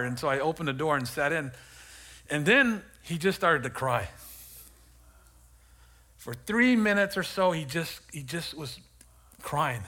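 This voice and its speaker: A man's voice: a little high, pushed and bright. A middle-aged male pastor preaching a sermon and telling a personal testimony, earnest and emotional, often repeating and restarting his words.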